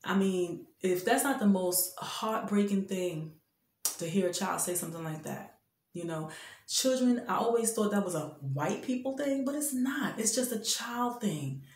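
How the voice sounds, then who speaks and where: A woman's voice: mid-range voice, animated, unhurried, a little mellow. Preachy fifties woman, echoey room. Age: 50s. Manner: preachy, emphatic, addresses men directly. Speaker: vlogger giving faith-based advice. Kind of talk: impassioned spoken exhortation.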